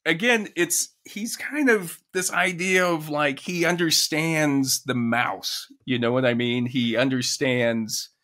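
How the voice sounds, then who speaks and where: Halting, chatty male podcast co-host. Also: fairly high pitch, a bit bright. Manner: halting, restarts phrases, reads poetry aloud. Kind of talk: casual conversational podcast chat.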